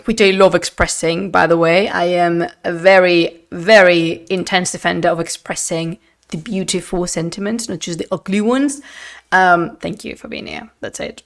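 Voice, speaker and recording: A chatty streamer whose voice sits on the low side and sounds creaky talks casually on a live stream, on camera at home through a desk microphone. Spanish is her first language; she's expressive, laughs frequently, and slips into Spanish.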